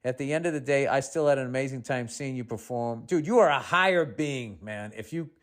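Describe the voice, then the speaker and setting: A man in his fifties hosts a podcast in a Boston accent, speaking fairly quickly at a medium pitch. He reads a listener's letter out loud and chimes in with exasperated, sarcastic asides.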